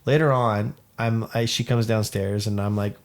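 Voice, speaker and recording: A man's voice: fairly low pitch, fairly even intonation, moderate pace. A man in his late thirties, a podcast co-host telling a personal family story in an earnest, heartfelt way during casual chat. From Canada. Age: 30s. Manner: earnest storytelling, acts out quoted family dialogue. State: dad.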